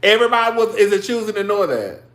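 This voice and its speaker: A man hosts a casual livestream, his delivery sassy and animated. He cusses freely and breaks into laughter often. His voice carries a roomy echo. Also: high-pitched, fast talker. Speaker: livestream host.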